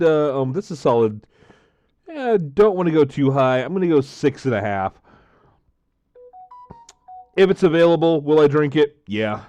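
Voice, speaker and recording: A man chatting casually to camera while tasting drinks, rambling, repeating himself and filling pauses with frequent "uh, um" sounds. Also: a little high, expressive, mellow, no echo, faint music behind.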